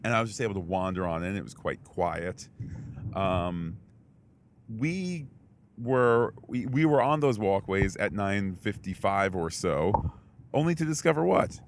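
A man's voice: low voice, expressive, measured pace, slight background noise. A man co-hosting a podcast in casual chat, telling a story in a rambling way with many fillers and restarts. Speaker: podcast co-host.

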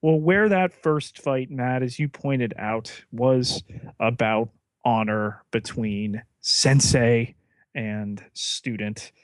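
A man with a mid-range voice unhurriedly picks apart an episode's fights and motives. His co-host recap is calm and analytical. The recording is close and dry. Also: mid-range voice, slow, dry recording. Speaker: podcast co-host.

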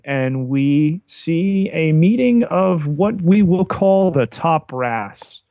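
A man co-hosting a podcast, recapping an episode in a measured, deliberate way. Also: fairly high pitch, darkish tone, dry recording. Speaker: podcast co-host.

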